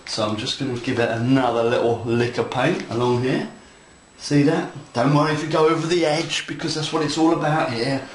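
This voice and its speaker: In an echoey, faintly noisy room, a man with a steady, mid-range voice moves briskly through a hands-on model railroad lesson. He's a hobby instructor, and his delivery is chatty, playful, and full of enthusiasm for the viewers.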